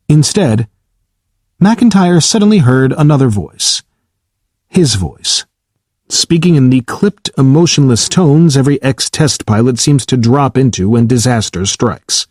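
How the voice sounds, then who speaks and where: A man narrating a science fiction audiobook in a steady, even reading. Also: medium pitch, measured pace, slightly rough, no room sound, clean studio sound. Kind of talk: scripted narration.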